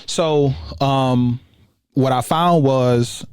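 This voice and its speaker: A man, talking in a relaxed, casual way as a guest on a podcast interview. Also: mid-range voice, very slow, smooth, no echo, clean studio sound. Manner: relaxed, conversational, many fillers. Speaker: guest, education researcher.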